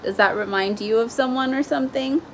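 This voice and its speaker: A young woman teacher reading a story aloud to children, pausing gently to ask them questions. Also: on the high side, slight background noise.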